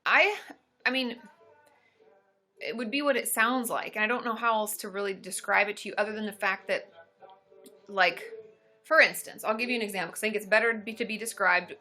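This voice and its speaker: A woman therapist hosting a casual live stream, chatting upbeat and answering viewer questions with lots of quick asides. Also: medium pitch, bright, forceful tone.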